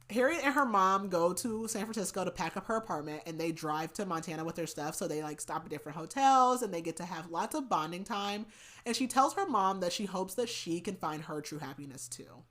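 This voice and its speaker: A woman's voice: mid-range voice, expressive, moderate pace, fairly bright tone. A woman co-hosting a book podcast, casually retelling a novel's plot with lots of "like" and "um". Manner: chatty retelling with many likes and ums. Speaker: podcast co-host.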